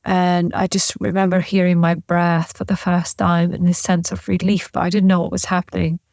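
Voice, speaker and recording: A woman from the former Yugoslavia, a guest in an interview, telling a personal story in a halting, emotional way with restarts. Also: lowish voice, flat delivery, creaky, a little mellow, dry recording, studio quality. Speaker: podcast guest.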